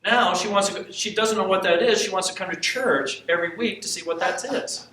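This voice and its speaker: A man preaching, telling a personal story with animated quotes and frequent laughs. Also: sits high, brisk. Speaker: preacher teaching on intercession. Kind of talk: sermon storytelling. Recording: echoey hall from far off, faint hiss.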